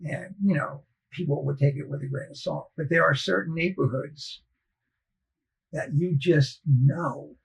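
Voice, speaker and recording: A man with a gravelly, husky voice tells a story in relaxed conversation. He is measured and logical, and he slips into quick voices to replay old exchanges with customers. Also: fairly high pitch, poor audio. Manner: storytelling, acting out past dialogues, measured and logical. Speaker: guest recounting his sales career. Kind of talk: casual conversation.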